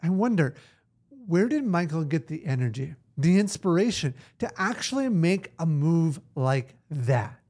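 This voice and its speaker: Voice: mid-range voice, big pitch swings, a little slow, darkish tone, breathy edge. A narrator reflecting thoughtfully on lessons from the story.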